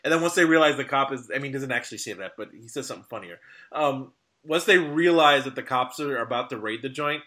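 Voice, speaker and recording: Bright-voiced man rambling about old films. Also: medium pitch. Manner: rambling, halting restarts, frequent laughs. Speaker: podcast co-host. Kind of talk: casual film discussion.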